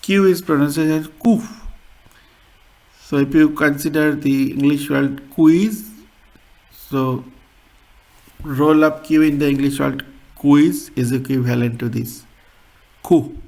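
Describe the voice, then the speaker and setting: A man teaching a beginner language lesson, explaining sounds in a halting way and repeating words. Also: on the high side, fairly even intonation, creaky, darkish tone.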